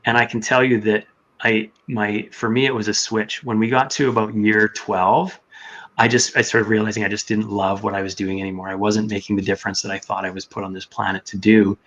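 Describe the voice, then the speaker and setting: Man, podcast guest, earnest storyteller, lowish voice. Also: level tone, brisk, a bit bright. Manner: earnest storytelling, reenacts his own inner voice. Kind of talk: casual chat. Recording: dull lo-fi sound.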